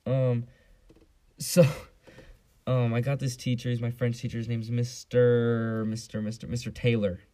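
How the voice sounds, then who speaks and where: A man's voice: medium pitch, level tone, a little slow, dark tone. A young man in his late teens from San Diego, hosting a solo podcast in a casual, rambling and profane way with lots of fillers. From San Diego area, US. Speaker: podcast host.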